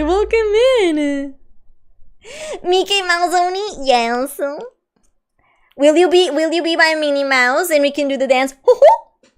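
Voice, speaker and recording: A young woman from Lisbon with a light Portuguese accent, a streamer chatting casually with her viewers. She laughs often and swears casually. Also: a little high. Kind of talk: casual live-stream chat.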